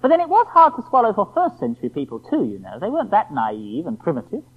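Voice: medium pitch, wildly swooping pitch, fast talker, husky. A preacher giving an evening sermon, emphatic and rhetorical, often asking the listeners questions. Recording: tinny phone-like lo-fi sound.

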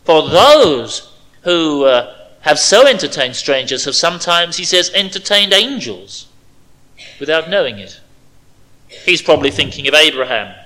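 A man preaching an expository sermon, stressing key words and dropping to quiet asides. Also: a little high, poor audio.

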